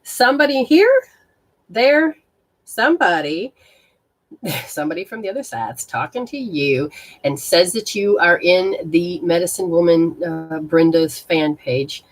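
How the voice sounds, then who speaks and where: A woman's voice: fairly low pitch, lively intonation, measured pace. A woman hosting a live stream as a spiritual reader, talking casually and bluntly with viewers, swearing and exclaiming as she goes. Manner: blunt and exclamatory, swearing, reacting aloud to sensations.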